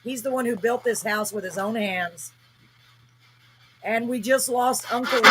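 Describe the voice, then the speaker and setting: A woman's voice: on the high side, slight background noise, poor audio. A woman hosting a live paranormal spirit-box session, talking earnestly and emotionally as she calls out to spirits. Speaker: host.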